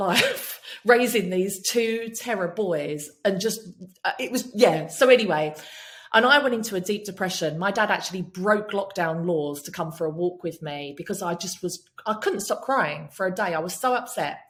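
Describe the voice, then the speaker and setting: A woman's voice: lowish voice, a bit bright. A woman guesting on a podcast, telling personal stories in a candid, emphatic way and swearing freely. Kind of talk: candid storytelling chat.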